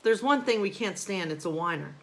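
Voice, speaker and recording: A woman's voice: mid-range voice, lively intonation, fairly quick, natural voice. A woman reading aloud as a fussy, flamboyant male stylist who talks down to the girl he is preparing. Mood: chirpy.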